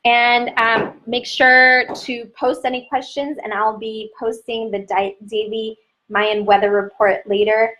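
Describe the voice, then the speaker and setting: A woman teaching an online lesson in a chatty, gentle way, slowly listing terms one at a time. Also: on the high side, poor audio. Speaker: calendar teacher.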